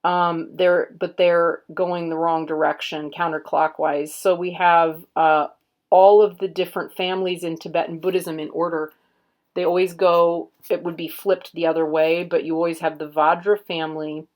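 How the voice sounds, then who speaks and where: A woman unboxing a card deck, murmuring card names in a soft, unhurried way and admiring the artwork. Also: lowish voice, little pitch movement. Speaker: tarot reader and channel host. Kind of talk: casual unboxing commentary.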